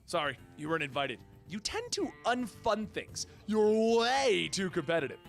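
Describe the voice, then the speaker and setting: A man's voice: sits high, big pitch swings, normal speed, faint music behind, pitched above the performer's own voice. A man voicing a wisecracking, goofy adult male shapeshifting hero in a retold comic story, with a teasing manner. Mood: joking. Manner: jokey, teasing.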